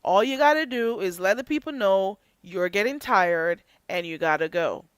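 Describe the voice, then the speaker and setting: A woman hosting a livestream, chatting casually to her viewers with animated outbursts and playful asides. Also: moderate pace, clean tone, no echo. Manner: animated, chatty, drifts between low asides and loud outbursts; slips into Jamaican patois for comic effect. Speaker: livestream host. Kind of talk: casual commentary to live chat.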